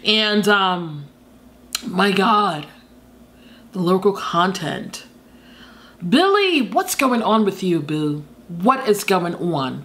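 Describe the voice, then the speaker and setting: A woman's voice: mid-range voice, very animated, slow, fairly bright tone. A woman hosting a music reaction video, talking in a dramatic, exclamatory, sassy way. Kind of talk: casual reaction commentary.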